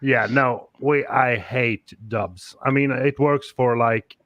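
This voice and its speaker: A man's voice: medium pitch, fairly even intonation, slow pace, dry recording, lo-fi sound. A man from Sweden talks casually on a fan livestream with a mid-range voice. The sound is dry and close, and he rambles loosely and hesitantly. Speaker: co-host.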